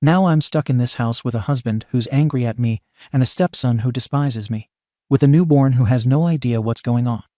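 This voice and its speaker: A man narrating a story in an even, steady scripted read. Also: medium pitch, fairly quick, dry recording, clean studio sound.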